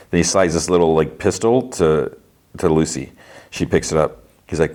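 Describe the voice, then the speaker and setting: A deep-voiced man retells a TV episode for his podcast in a loose, rambling way. He piles on fillers and restarts and drops quoted lines into the story as he goes. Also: normal speed, a little mellow. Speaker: podcast host. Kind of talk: casual episode recap.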